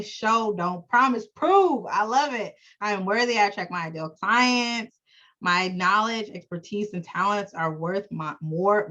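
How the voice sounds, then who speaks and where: Animated woman coach cheering affirmations. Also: medium pitch, highs cut off. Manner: animated and emphatic, cheering people on. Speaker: branding coach. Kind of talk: hyped-up affirmation reading on a group call.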